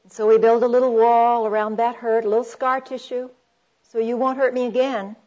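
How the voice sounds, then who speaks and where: Middle-aged woman preaching on marriage to a crowd, earnest and warm, dull lo-fi tape. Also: fairly high pitch, flat delivery, brisk. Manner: earnest, warm, addresses the audience as friends, quotes scripture. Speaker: speaker on Christian marriage. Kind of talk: sermon-style talk to a live audience.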